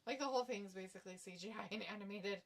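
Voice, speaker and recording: A woman's voice: medium pitch, rapid-fire. A woman co-hosting a live watch-along stream, chatting bluntly and reading chat messages aloud.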